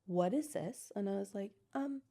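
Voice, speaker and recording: Woman in her 30s, interview guest, lively storyteller who does the voices of people she quotes. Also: mid-range voice, normal speed. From United States.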